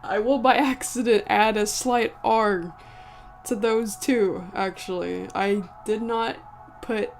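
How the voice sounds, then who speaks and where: Slow, gravelly woman with a slight country twang. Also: mid-range voice, fairly even intonation. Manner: rambling, self-correcting, chuckling. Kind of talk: casual live-stream chat. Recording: faint background music.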